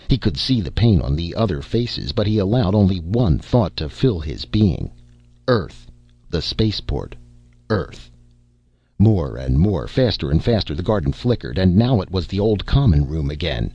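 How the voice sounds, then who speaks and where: Deep, husky male story narrator. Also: no room sound. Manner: dramatic, expressive reading. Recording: dull, dry lo-fi recording.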